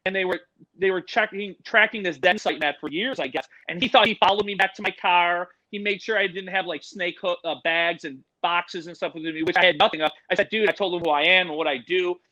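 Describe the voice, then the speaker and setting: A middle-aged man, telling animated stories on a podcast, swearing freely and acting out the other people's voices. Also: high voice, fairly quick, dry recording, rough recording. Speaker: podcast guest, animal educator. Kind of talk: casual storytelling.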